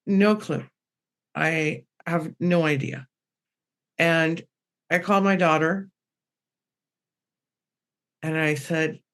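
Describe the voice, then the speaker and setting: A woman medium telling a personal story on a podcast panel, rambling and animated, acting out the quotes. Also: low-pitched, takes it slowly, pauses often.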